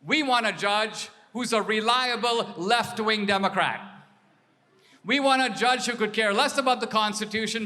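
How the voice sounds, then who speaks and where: A man's voice: extremely high pitch, in a large hall. A man giving a political speech to an audience, telling stories animatedly and acting out exchanges. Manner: animated storytelling, acts out exchanges. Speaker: political speaker.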